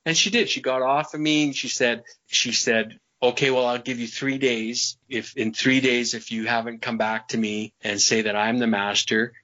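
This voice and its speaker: A man with a bright, forceful voice tells a personal story as an interview guest. He rambles, repeats himself and breaks into laughs along the way. The sound is slightly muffled and lo-fi. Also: medium pitch, fairly even intonation, normal speed, few pauses. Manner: rambling, repeats words, laughs between sentences. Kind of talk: casual storytelling.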